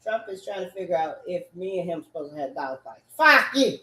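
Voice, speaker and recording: A woman ranting in a loud, profane, repetitive way, swinging between loud bursts and low mutters. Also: quick pace. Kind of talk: animated rant. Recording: echoey room.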